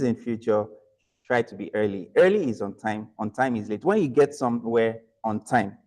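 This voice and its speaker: A man's voice: mid-range voice, a little mellow. A man evaluating a club meeting, standing at a lectern and correcting speakers with rhetorical questions. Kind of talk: club meeting feedback speech.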